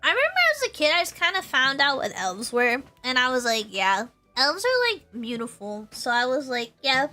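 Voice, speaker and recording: Young woman streamer, high and very lively voice, chatty and rambling, faint music underneath. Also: normal speed, hardly any pauses. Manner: bubbly, rambling, laughs often, repeats herself. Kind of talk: casual chat with stream chat.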